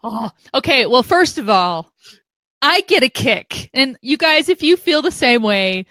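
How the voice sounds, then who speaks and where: A woman's voice: high-pitched, sing-song, fairly bright tone, no room sound. A woman co-hosting a live video show, chatting casually and playfully with her co-host and viewers. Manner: playful and chatty, quick to joke. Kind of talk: casual live-stream chat.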